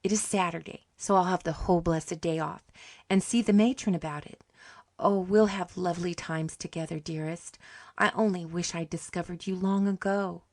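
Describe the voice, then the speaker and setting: A woman voicing a gentle, poor young woman who speaks softly and tenderly. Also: on the low side, steady tone, moderate pace, no room sound, studio quality, close to an everyday voice.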